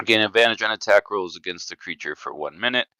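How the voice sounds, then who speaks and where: A man playing a tabletop game, talking animatedly and bursting into loud laughs. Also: fairly low pitch, quick pace, no echo. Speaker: player. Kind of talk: casual tabletop play. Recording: dull, dry mic.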